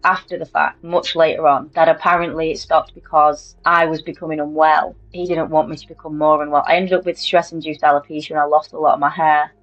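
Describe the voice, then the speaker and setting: Low-voiced woman telling her story. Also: little pitch movement, fairly quick, few pauses, lo-fi sound, soft background music. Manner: candid, chatty, many "like" fillers. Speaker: interviewee. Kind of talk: personal storytelling interview.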